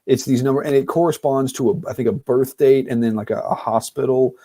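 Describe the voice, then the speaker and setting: A man co-hosting a relaxed film-discussion podcast, his voice mellow and darkly toned. He rambles and thinks aloud, circling his points with little fillers. Mid-pitched and easygoing. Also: brisk, no echo, clean studio sound. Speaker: podcast co-host. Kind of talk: casual film-discussion chat.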